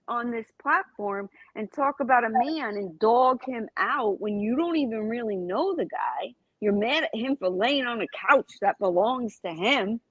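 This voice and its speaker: A woman's voice: fairly high pitch, a bit bright, dry recording, dull audio. A woman in heated casual livestream chat, speaking bluntly and indignantly with plenty of profanity.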